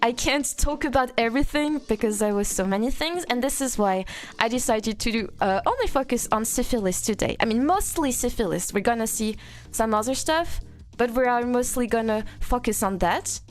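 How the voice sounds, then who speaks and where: A woman's voice: fairly high pitch, moderate pace. A woman from France with a French accent, chatting playfully with her live-stream audience and answering chat.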